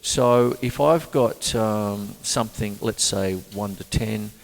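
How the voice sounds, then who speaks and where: An older man hosting a casual drum lesson, chatty and singing rhythms out loud as he plays. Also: fairly low pitch, takes it slowly, creaky. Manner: chatty, sings rhythms aloud. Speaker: drum teacher and show host. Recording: reverberant room with drums.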